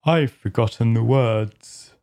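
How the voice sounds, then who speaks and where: A woman voicing a deep-voiced, brusque male griffin in a storybook reading. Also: slow pace, warm tone, full character voice. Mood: gruff.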